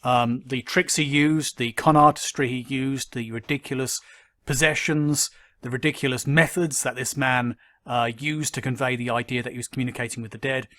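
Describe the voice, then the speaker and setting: A man's voice: mid-range voice, steady tone, a bit bright. Man giving skeptical commentary. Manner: measured and critical, many ums and uhs. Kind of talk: argumentative commentary to camera.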